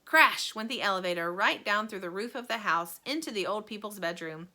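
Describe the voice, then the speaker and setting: Animated woman reading a children's book. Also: medium pitch, a little fast. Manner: animated, friendly. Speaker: storyteller.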